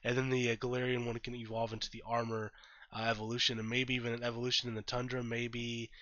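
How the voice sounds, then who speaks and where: Bright-voiced rambling gaming vlogger, a man. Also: mid-range voice, monotone, fast talker, dry recording, lo-fi sound. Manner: rambling, filler-heavy, thinks aloud; blunt and profane when annoyed. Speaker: gaming YouTuber. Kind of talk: casual reaction commentary.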